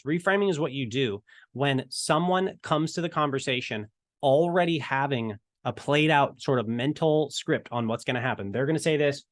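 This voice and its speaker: A man's voice: mid-range voice, no room sound, studio quality. Chatty man teaching evangelism. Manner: storytelling, chatty, animated retelling. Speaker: evangelism trainer. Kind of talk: casual teaching talk to camera.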